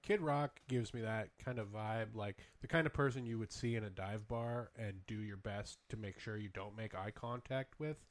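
A man's voice: lowish voice, normal speed, few pauses. A man who is a guest on a casual podcast, giving wry, dry commentary. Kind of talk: casual chat.

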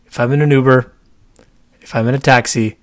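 A man co-hosting a casual chat, animated and talkative, acting out quoted voices in his stories. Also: medium pitch, a little fast, no echo, studio quality. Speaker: podcast co-host.

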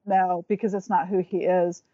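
A woman's voice: lowish voice, level tone, moderate pace, warm tone, dry recording, lo-fi sound. A woman talking as a guest in a casual chat, rambling and restarting as she searches for words.

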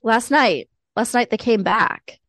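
A woman's voice: slow, a bit bright, dry recording, clean studio sound, heavily acted. Woman putting on a panicked woman caller. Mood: pleading. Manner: panicked, pleading, high-strung. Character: distressed middle-aged woman caller.

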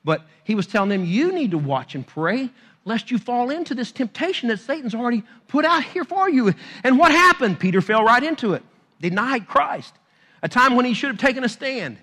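A man preaching a sermon, moving between hushed, low passages and loud, urgent exhortation, and acting out scripture in everyday paraphrase. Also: sing-song, brisk. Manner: acts out scripture quotes in conversational paraphrase.

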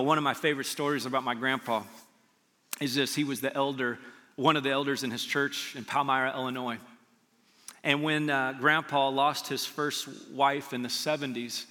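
A man's voice: medium pitch, bright, forceful tone, long reverb tail. A man preaching a sermon as pastor, telling stories earnestly and building to emphatic peaks. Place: church sanctuary.

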